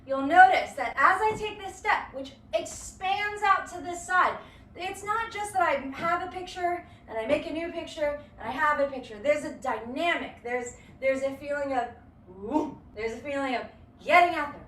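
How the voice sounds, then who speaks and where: A woman's voice: high-pitched, moderate pace, a bit bright, distant mic, slight background noise. A woman teaching a live-streamed dance lesson, counting beats aloud in a playful, encouraging way. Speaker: dance instructor. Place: home or studio room. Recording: echoey room, voice from afar.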